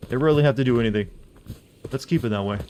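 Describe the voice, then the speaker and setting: A man's voice: mid-range voice, very fast, darkish tone, a little hiss or hum. A man streaming a game live, rambling and teasing as he answers his chat and reads menu text aloud.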